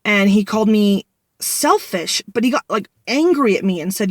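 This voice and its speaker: A woman's voice: a little high, moderate pace, no room sound, studio quality. Young woman venting in a rambling vlog. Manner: rambling, venting, frequent restarts. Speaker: vlogger. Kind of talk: candid personal storytelling.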